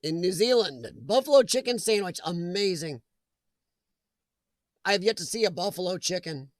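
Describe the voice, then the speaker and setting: A man's voice: sits high, lively intonation, fairly quick, vocal fry, no echo. A man hosting a live chat stream, chatting casually and jokingly with viewers and reading their comments aloud, laughing often.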